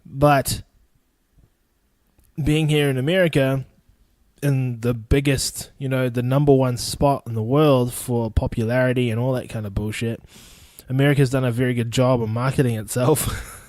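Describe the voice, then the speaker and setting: A man's voice: normal speed, no echo. Blunt, profane New Zealand man hosting. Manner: blunt and profane, mimics people in high excited voices. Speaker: podcast host. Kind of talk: casual solo podcast monologue.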